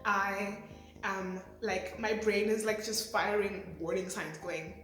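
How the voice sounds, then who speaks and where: A woman in her twenties talking through a show review, excitable and rambling with lots of fillers. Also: medium pitch, slow pace. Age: 20s. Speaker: vlogger. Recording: echoey room, faint music.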